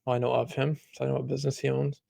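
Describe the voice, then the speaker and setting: Gravelly young man, rambling casual talk. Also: medium pitch, monotone, very fast, dark tone, dry recording. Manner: rambling, reflective, heavy on 'like'. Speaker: podcast co-host. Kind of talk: casual chat.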